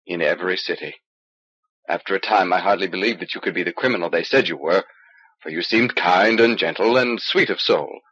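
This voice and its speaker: A man voicing a nervous male alien informer who speaks low and hesitantly, on an old cassette recording. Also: brisk, pushed and bright, breathy edge, dull audio, full character voice. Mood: confessing.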